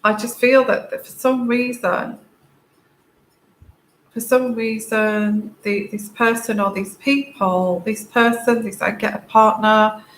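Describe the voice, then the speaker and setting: Tearful woman tarot reader, halting delivery, slight room echo and faint hiss. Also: on the high side, fairly even intonation. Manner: slow, halting, many fillers and restarts. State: tearful, crying. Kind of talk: intuitive tarot reading to camera. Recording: echoey room, faint background noise.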